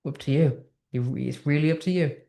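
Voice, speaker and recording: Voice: medium pitch, brisk, creaky, dark tone. British tutor with a roomy echo. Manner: poses strings of rhetorical questions; thinks aloud with restarts. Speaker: English literature tutor. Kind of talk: explaining a text in a lesson.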